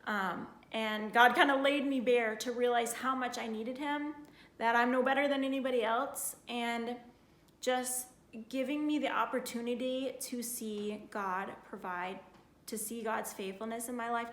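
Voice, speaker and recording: A woman's voice: a little high, echoey room. Earnest woman sharing her faith story. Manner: earnest, heartfelt, frequent "like" fillers. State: getting emotional. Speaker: vlogger sharing her testimony. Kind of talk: casual personal testimony.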